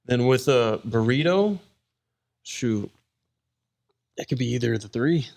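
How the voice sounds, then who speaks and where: A man who is a guest on a podcast, answering in a relaxed, easygoing casual chat. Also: mid-range voice, a little slow. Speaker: guest, mixed martial arts fighter.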